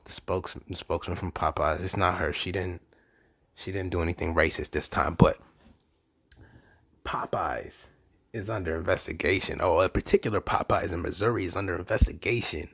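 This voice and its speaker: A man hosting his own podcast in a casual, profane monologue, swinging between low murmurs and loud animated bursts. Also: moderate pace, vocal fry, husky, no echo. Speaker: podcast host.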